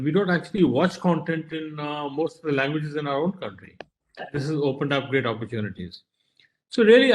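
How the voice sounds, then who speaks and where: A man from India who makes content, giving casual, hesitant panel remarks from his home study. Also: fairly high pitch. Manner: hesitant, with many fillers. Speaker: content producer.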